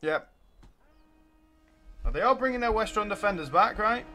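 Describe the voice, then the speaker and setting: A man hosting a let's play, giving live commentary and cheering his units on excitedly. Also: high-pitched, normal speed, faint music behind.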